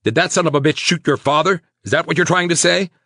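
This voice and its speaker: A man's voice: fairly high pitch, fast talker, creaky, bright, forceful tone, no room sound, clean studio sound, voice pushed up, full character voice. A man voicing a protective, tough man in an audiobook, coaxing and urgent, swearing when angry. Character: protective tough man, tender to his girlfriend.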